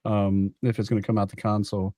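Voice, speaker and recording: A man's voice: lowish voice, little pitch movement, fast, mellow, no room sound. Rambling male podcast guest. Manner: rambling, restarts mid-sentence. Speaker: podcast guest, gaming video maker. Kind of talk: casual chat.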